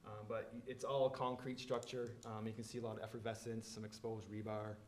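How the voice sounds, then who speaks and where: A man's voice: lowish voice, little pitch movement, a little fast, roomy sound, a little hiss or hum. A man presenting engineering plans at a public meeting, explaining in a loose, filler-heavy way.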